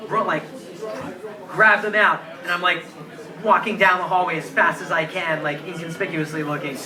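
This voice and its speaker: Young man, high voice, rambling earnest storyteller, live in a noisy bar. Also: steady tone, normal speed, distant mic. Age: 20s. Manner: earnest, rambling, full of "like" fillers. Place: crowded bar. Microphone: distant handheld camera. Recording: roomy bar recording from afar, crowd chatter.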